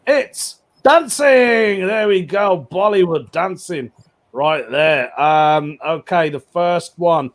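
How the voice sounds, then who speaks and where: A man with a high-pitched voice hosts a casual online pun contest. He is cheery and giggly, calling on each contestant in turn and reacting to their jokes. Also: slow. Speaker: host. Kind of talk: casual online comedy show.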